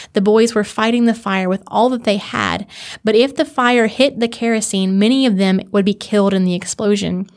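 Woman podcast narrator, mid-pitched, earnest and conversational, slows down to land key moments. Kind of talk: history storytelling podcast.

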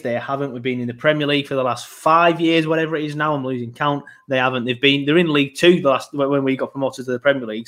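A man's voice: on the high side, fairly bright tone. A man hosting a casual football podcast, chatty and jokey, rambling with fillers and restarts. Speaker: podcast host.

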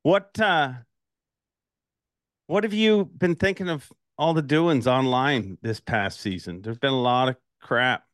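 A man's voice: medium pitch, a little slow, no echo, studio quality. A man from Ireland hosting a podcast, telling stories casually with lots of laughter. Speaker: podcast host. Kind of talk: casual interview chat.

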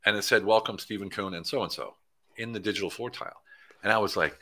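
Speaking fast in a deep voice, this Pennsylvania man is a guest in a laid-back interview, where he shares lively stories and performs the lines of people he encountered.

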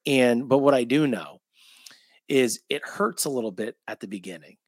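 A middle-aged man hosting a conversation, talking reflectively and filling pauses with "you know". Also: mid-range voice, lively intonation, no room sound. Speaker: podcast host. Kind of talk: casual chat.

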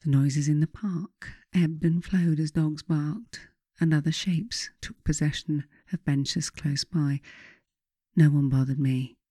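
A woman reads her own memoir in a measured, reflective voice. Her tone is warm and mellow. The recording is close and dry, with no room sound. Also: sits low, steady tone, dry recording. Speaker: author reading her own book. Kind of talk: memoir audiobook narration.

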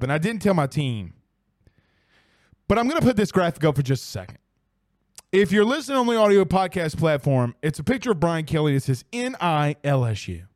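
A man's voice: on the high side, dry recording, clean studio sound. A young man hosting a casual sports podcast, exclaiming and swearing as he reads viewer comments. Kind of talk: casual live-stream chat.

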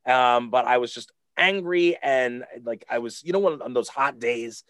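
A man's voice: medium pitch, moderate pace, fairly bright tone, no room sound. A man, a podcast guest, telling a casual story full of fillers and restarts. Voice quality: rambling with many fillers.

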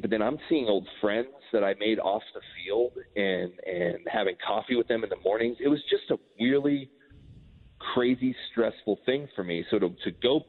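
A man in his forties, a former pitcher, telling a story in a casual, rambling way, full of "like" and restarts. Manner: rambling, animated, heavy use of "like". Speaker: former baseball pitcher, guest. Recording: tinny phone-like line with long reverb.

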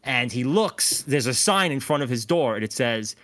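A man hosting a podcast, recapping an episode in animated casual chat. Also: mid-range voice, normal speed. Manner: animated, recaps with acted-out quotes. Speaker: podcast host.

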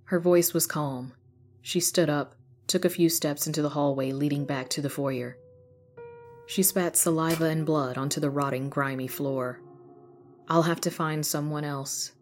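Woman host, low voice, steady scripted horror narration; faint music under. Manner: measured, steady storytelling.

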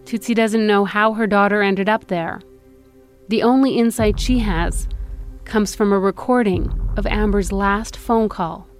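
A woman, an investigative reporter, narrating a documentary podcast in a measured, serious tone. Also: medium pitch, fairly even intonation, faint music behind.

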